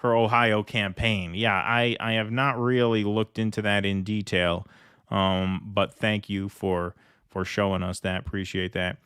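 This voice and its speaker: A man's voice: lowish voice, steady tone, measured pace, a bit bright, clear, resonant tone, no echo, clean studio sound. A man hosting a live political stream, chatting casually, joking, and reading viewer comments aloud.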